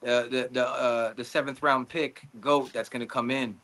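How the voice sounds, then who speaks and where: Bright-voiced male podcast host, slangy. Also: mid-range voice, steady tone, normal speed. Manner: loose, slangy banter. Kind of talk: casual podcast chat. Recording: faint noise and clicks.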